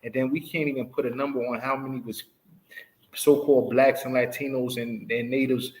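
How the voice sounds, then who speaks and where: A man's voice: mid-range voice, level tone, fairly quick, rough recording. A man leading a casual scripture study, stopping the reader to explain verses with emphatic, repeated "right?" prompts. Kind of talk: casual Bible study teaching.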